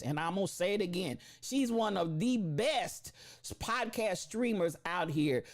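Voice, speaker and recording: A woman hosting a live stream, chatting casually, laughing often and calling her viewers baby and sister. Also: on the low side. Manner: emphatic, repeats phrases for effect.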